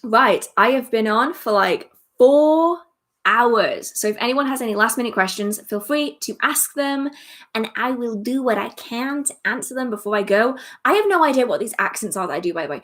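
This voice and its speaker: A woman's voice: on the high side, animated, a little fast, a bit bright. Chatty English woman on a livestream. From England. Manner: chatty, laughing, self-deprecating. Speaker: witchcraft livestream host. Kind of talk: casual livestream Q&A. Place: home filming setup under bright lights.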